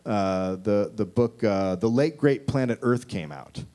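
A man in his forties doing a rambling, profane stand-up set, with shouted mocking impressions. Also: on the low side, measured pace. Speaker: stand-up comedian. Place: comedy club stage with live audience.

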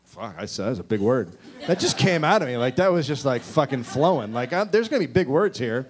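A man in his forties doing a rambling, profane stand-up set, with shouted mocking impressions. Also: medium pitch, big pitch swings, brisk. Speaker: stand-up comedian. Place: comedy club stage with live audience.

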